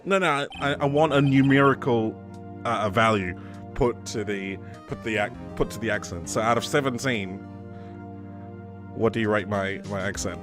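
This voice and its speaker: A man's voice: on the low side, normal speed, music in the background. Chatty Australian man streaming a game. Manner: chatty, self-mocking, trying out voices. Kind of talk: casual live-stream commentary.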